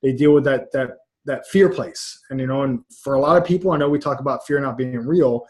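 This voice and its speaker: A middle-aged mindset coach chats casually in a video-call interview, his mid-range voice moving fairly quickly with fairly even intonation. He rambles and repeats words, speaking with frank energy. His webcam picks him up from about two feet away.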